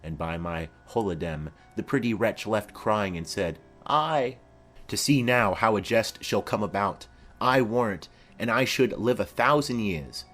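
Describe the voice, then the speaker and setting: Guy reading as a chatty old nurse lady, goes on and on, slow and swingy. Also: on the low side, fairly bright tone. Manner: rambling, chattering reminiscence. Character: garrulous old woman nurse, rambling and fond. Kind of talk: dramatic reading of a play.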